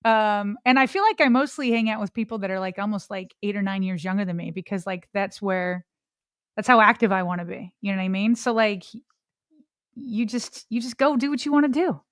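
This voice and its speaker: A woman's voice: mid-range voice, a little fast, smooth, no echo, studio quality. A woman in her forties co-hosting a podcast, chatty and encouraging, with a lot of filler words. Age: 40s. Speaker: podcast co-host. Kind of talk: casual chat.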